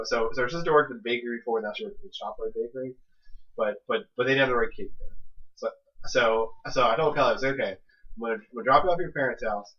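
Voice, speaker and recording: A young man hosting a podcast, telling a long story in casual chat with lots of restarts and fillers. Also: medium pitch. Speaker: podcast co-host. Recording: dull lo-fi podcast audio.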